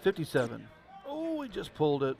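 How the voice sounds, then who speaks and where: A man with an Ozark accent calling a darts match live, folksy, chatty and excitable. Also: on the high side, a little fast, vocal fry. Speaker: darts commentator. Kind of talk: live play-by-play commentary. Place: darts venue. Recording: crowd chatter behind.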